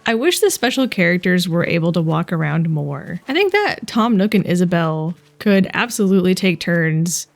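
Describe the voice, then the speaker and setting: A young woman chatting casually and excitably while playing a video game, with frequent giggles. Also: on the low side, moderate pace, gravelly, hardly any pauses, faint music behind. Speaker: gaming vlogger. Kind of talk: casual gameplay commentary.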